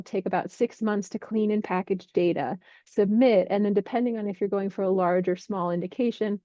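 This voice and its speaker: A woman healthcare investment analyst explains drug industry developments clearly and methodically. Her mid-range voice is mellow, and the audio is dull, with no echo.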